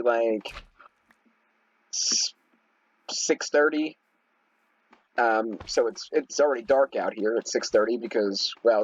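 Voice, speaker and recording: A man's voice: mid-range voice, husky, highs cut off. A young man rambling casually through a story while playing a game, with lots of fillers and restarts. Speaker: gaming video host. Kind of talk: casual storytelling over gameplay.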